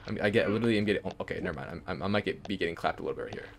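A young man giving casual gameplay commentary, swearing and swinging between yelling and low mumbling. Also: racing, vocal fry, noisy background. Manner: swears and insults the game. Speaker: gaming YouTuber.

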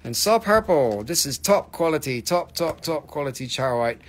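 Excited man selling minerals live. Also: on the high side, moderate pace. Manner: animated, reads chat comments aloud, bursts into excited shouts. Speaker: live-stream mineral seller. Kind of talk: live-stream sales chat.

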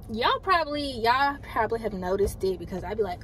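A woman's voice: fairly high pitch, animated, a little fast, few pauses. A young adult woman vlogging casually, rambling and chatting straight to her viewers. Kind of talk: casual vlog chat. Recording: loud car noise behind.

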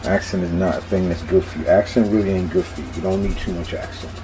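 A man with a Philadelphia accent cooks on his own vlog, his low voice steady and quick over some background noise. He's laid-back and chatty, talking casually and repeating himself as he goes.

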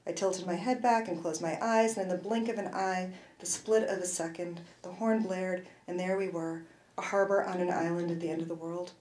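A woman's voice: on the low side, steady tone, moderate pace, darkish tone, echoey room, rough recording. A woman author reading aloud from her novel at a university event, in a wry first-person voice with brief asides.

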